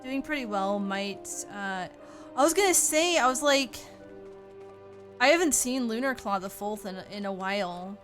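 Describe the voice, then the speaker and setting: A woman's voice: mid-range voice, expressive, moderate pace, fairly bright tone, faint music behind. A woman chatting casually with viewers on a game livestream, sounding tired and greeting each person by name. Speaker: streamer.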